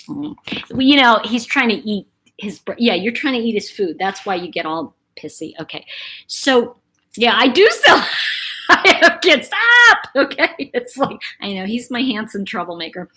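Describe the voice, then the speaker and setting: A woman's voice: medium pitch, lively intonation, normal speed, a bit bright, breathy edge. A middle-aged woman hosting a casual live chat, talking in a rambling, chatty way to her viewers. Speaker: livestream host.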